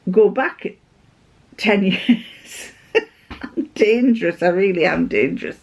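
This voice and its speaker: A woman's voice: fairly low pitch, darkish tone. A British woman chatting to camera in a vlog, telling a rambling story and laughing often as she goes. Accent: British English. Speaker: craft vlogger. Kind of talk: casual anecdotal chat to camera.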